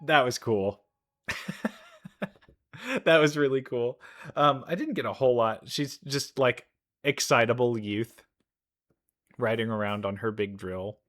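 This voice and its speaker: A young man casually reacting to game trailers, chatty and quick to laugh, with bursts of excitement. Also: medium pitch. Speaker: reaction video creator. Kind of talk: casual commentary while reacting to videos.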